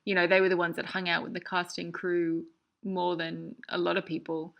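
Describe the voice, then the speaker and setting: The documentary's filmmaker, a woman, chats and laughs through its audio commentary, joking at her own expense. Her voice is fairly low with vocal fry, even in tone and moderate in pace, and the audio sounds dull.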